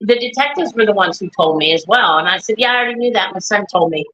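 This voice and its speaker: A woman's voice: mid-range voice, lively intonation, fast talker, a bit bright. A woman, a mother, talking in a rambling casual chat, often quoting her son and herself. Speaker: grieving mother and guest. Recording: dull lo-fi stream audio.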